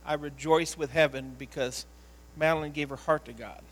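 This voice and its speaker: A man, a pastor, telling a personal story in an earnest, emotional sermon style, often halting and repeating words. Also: a little high, fairly even intonation, low-quality recording.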